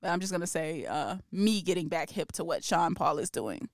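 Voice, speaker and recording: A woman co-hosting a daily hip-hop news podcast, chatting casually in a relaxed, slangy way. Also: fairly low pitch, moderate pace, no room sound, studio quality. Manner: relaxed, laughs easily, slangy. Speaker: podcast co-host.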